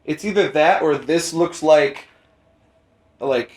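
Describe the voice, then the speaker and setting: A man's voice: fairly high pitch, slow pace. A young man with a slightly raised voice tells a long, rambling story, cursing freely and acting out the people in it. The room gives his voice a noticeable echo. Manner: rambling, profane, animated in quoted voices. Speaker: podcast host. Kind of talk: casual storytelling chat. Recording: roomy echo.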